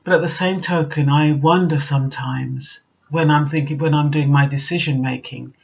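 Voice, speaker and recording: A woman's voice: low voice, steady tone, moderate pace, vocal fry, a little mellow. An older British woman vlogger who gives life advice in a direct, chatty monologue. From Britain. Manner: direct, chatty, acts out quoted voices. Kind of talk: casual storytelling monologue. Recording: dull lo-fi recording.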